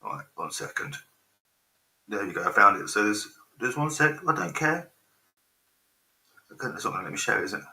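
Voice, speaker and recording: A man's voice: on the low side, animated, fast talker, pushed and bright. A man in his forties hosting a rambling live stream, swearing freely and getting sidetracked by technical trouble. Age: 40s. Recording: roomy echo.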